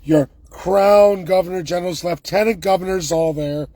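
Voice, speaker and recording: A man's voice: sits high, normal speed, mellow, no echo. A man delivering a heated, emphatic and sarcastic political rant, speaking straight to his viewers. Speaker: political commentator.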